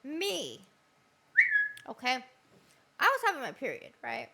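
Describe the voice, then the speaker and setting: A woman's voice: high voice, huge pitch swings, measured pace, gravelly, sharp tone, slightly rough. A young woman hosting a stream, telling a crude story with lots of laughing and swearing. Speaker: streamer host. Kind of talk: casual stream chat.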